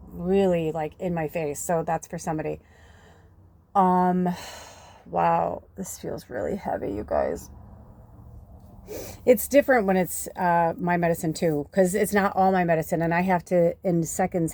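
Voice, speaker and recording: A woman giving a casual tarot reading, chatty and rambling, swearing casually and sometimes dropping into soft whispers. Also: fairly low pitch, slight background noise. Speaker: tarot reader and medium.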